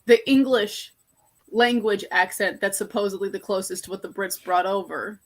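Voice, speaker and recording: Animated American woman rambling in chat. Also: medium pitch, normal speed. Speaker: livestream guest. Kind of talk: casual chat.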